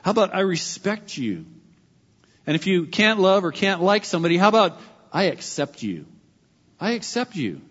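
A man preaching a sermon as pastor, emphatic and repeating his key phrases slowly. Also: high-pitched, big pitch swings, fairly bright tone, breathy edge, long reverb tail, muffled recording.

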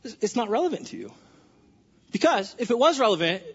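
A man, a pastor, preaching in a church sanctuary in a lively, conversational way full of rhetorical questions. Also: high-pitched, a little fast. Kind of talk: sermon. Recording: dull, husky sound with long hall reverb.

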